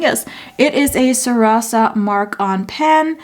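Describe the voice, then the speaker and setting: A native Dutch speaker with a Dutch accent, this vlogger talks in a fairly high, steady voice at a slow pace. She chats casually while setting up her journal, thinking out loud and correcting herself along the way.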